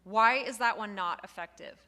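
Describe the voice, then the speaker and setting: A woman instructor giving a lively lecture to a live class, acting out example phrases as she goes. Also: medium pitch, normal speed. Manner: lively, expressive, acts out quoted phrases.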